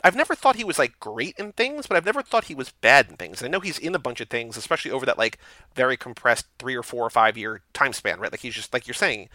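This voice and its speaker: Fast-talking bright-voiced man. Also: mid-range voice, lively intonation, no echo. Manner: fast, rambling, heavy use of "like". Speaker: podcast co-host. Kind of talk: casual movie review chat.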